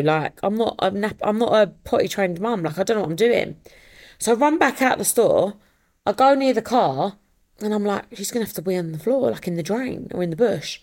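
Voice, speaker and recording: A woman's voice: mid-range voice, expressive, a little fast, a little mellow. A woman hosting a casual solo podcast, telling a story in a chatty way and acting out the voices she quotes. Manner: swears casually. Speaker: podcast host.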